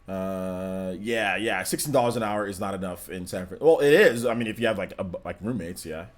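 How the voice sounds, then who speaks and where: Laid-back young man hosting a livestream. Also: a little fast. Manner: relaxed, rambling, many ums and likes; lifts voice when animated, drops to flat low tone otherwise. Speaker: livestream host. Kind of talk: casual livestream Q&A reading chat.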